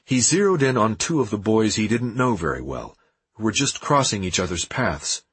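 A man narrating an audiobook in a steady, measured reading with a husky voice. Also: fairly low pitch, dry recording.

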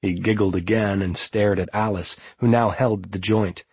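Audiobook narrator, male, very husky, lowish voice, calm and measured, dry close mic. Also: no room sound.

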